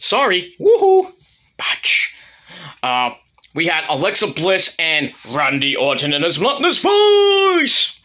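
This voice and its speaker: A man's voice: mid-range voice, bright, forceful tone. A man giving a casual, rambling solo review rant about wrestling, full of fillers and restarts, blunt and irreverent.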